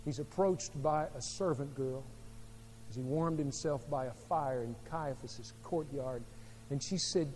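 A man preaching a sermon as pastor, telling a story dramatically, with sharp swings between soft and loud. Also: mid-range voice, a little slow, a little hiss or hum. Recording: long hall reverb.

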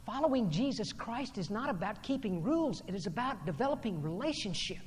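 A male preacher delivering a sermon, swinging from loud, declaiming passages to low, intense murmurs. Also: big pitch swings, a little fast, few pauses, breathy edge. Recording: long hall reverb.

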